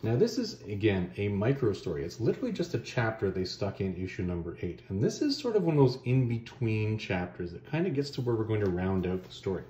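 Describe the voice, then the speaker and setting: A man casually retelling a comic story as a reviewer, animated and slangy, with offhand asides. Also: fairly low pitch, fairly quick, hardly any pauses, echoey room.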